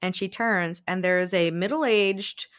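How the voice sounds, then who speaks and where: Animated woman recapping a book. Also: on the low side, measured pace, clean tone. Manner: animated retelling, acting out quotes, frequent laughs. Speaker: podcast host. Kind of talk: casual book-recap chat.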